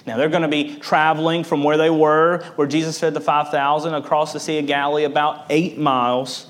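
A man delivers a sermon in a fairly high voice. He builds up in emphasis and then sinks low and quiet to drive a point home. He often restarts and repeats words as he explains the text. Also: little pitch movement, a little fast. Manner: preaching with rising emphasis, then dropping low for weight. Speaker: pastor.

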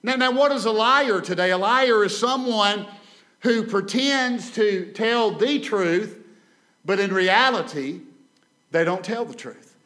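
A male guest preacher, giving a Sunday sermon in a church, swinging between loud and soft and repeating phrases for emphasis. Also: high-pitched, takes it slowly. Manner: dramatic rises and drops in volume, repeats phrases, calls for amen. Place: church sanctuary.

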